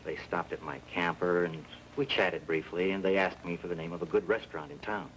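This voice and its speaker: An actor playing a courteous French-Canadian customs officer who testifies as a witness, with a French-Canadian accent. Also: male voice, low-pitched, steady tone, brisk, fairly bright tone, a little hiss or hum, poor audio. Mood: earnest. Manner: polite, helpful, explains patiently. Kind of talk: 1960s TV courtroom drama.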